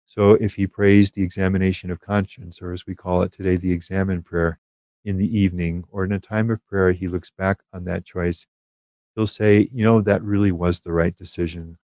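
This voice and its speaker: Male spiritual teacher, low voice, measured and hesitant delivery, dull lo-fi quality. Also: little pitch movement, mellow, no echo. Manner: measured, thoughtful, with frequent hesitations. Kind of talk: teaching talk on prayer.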